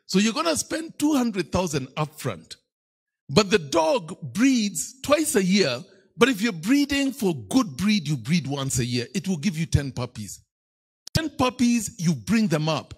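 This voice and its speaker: A man's voice: high voice, sing-song, unhurried, husky. A man with a Kenyan accent preaching a sermon as a bishop, telling playful stories and teasing the congregation. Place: church.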